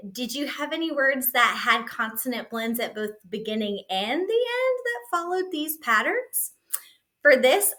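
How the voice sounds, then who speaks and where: A woman teacher walking other teachers through a spelling lesson, upbeat and encouraging, explaining steps clearly. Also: on the high side, pushed and bright. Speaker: teacher giving teaching tips. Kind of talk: instructional walkthrough for teachers.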